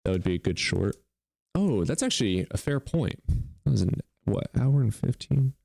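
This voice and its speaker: A man's voice: medium pitch, sing-song, normal speed, vocal fry, a little mellow, breathy edge, no room sound. A man hosting a live-stream debate in casual chat, joking and sarcastic, and he swears freely. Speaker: livestream debate host.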